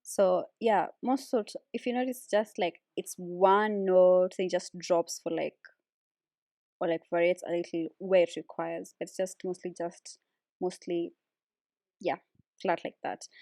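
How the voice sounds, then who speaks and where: A woman casually explaining how she builds vocal harmonies, relaxed and chatty with lots of fillers. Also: fairly low pitch, a little slow, no room sound, studio quality. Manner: relaxed, with many fillers like "like" and "so, yeah". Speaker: a cappella vocalist teaching harmony. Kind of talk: casual music tutorial.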